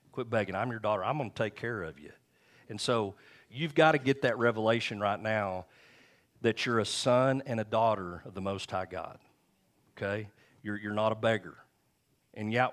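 A middle-aged pastor, preaching a sermon in a conversational way, with asides and repeated phrases. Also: male voice, lowish voice, fairly bright tone.

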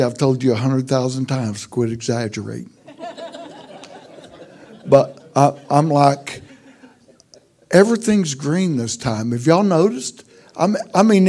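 A man's voice: medium pitch, warm tone. A middle-aged man with a Texan accent, a pastor telling folksy, self-deprecating stories in a humorous sermon. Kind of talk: sermon storytelling.

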